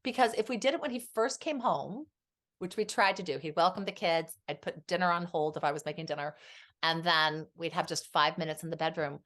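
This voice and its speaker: A woman's voice: fairly low pitch, a little fast, fairly bright tone. A woman in her fifties, a marriage and family therapist, speaking as a podcast guest in a heartfelt, reflective way. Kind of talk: candid podcast interview.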